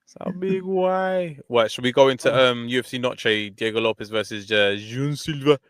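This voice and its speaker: A man's voice: medium pitch, steady tone, a little fast, fairly bright tone, smooth, dry recording. A man co-hosting a podcast, teasing and playfully bossing his co-host around in casual banter. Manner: teasing, playful, bossy urging.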